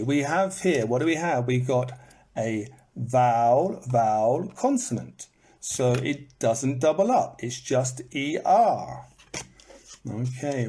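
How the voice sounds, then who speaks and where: A man's voice: mid-range voice, a little mellow, breathy edge. A man teaching in a live online lesson, repeating words to show their stress and breaking into bits of song, recorded on a phone. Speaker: English teacher.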